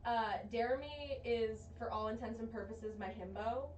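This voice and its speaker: Playful higher-voiced woman role-playing. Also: normal speed, darkish tone, highs cut off. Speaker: player. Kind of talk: in-character role-play chat. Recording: roomy, distant mic with faint hiss.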